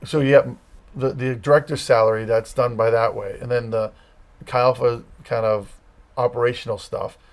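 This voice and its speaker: A man working as a campus ministry director, answering interview questions in a relaxed, conversational way and explaining things step by step. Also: medium pitch, normal speed.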